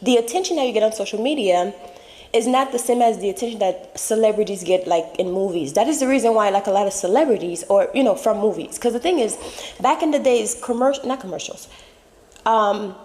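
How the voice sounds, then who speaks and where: A woman's voice: medium pitch, expressive, brisk, darkish tone. Chatty woman commentator with a strained voice, in a reverberant space. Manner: chatty, rambling, emphatic. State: losing her voice. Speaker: channel host. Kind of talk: casual commentary.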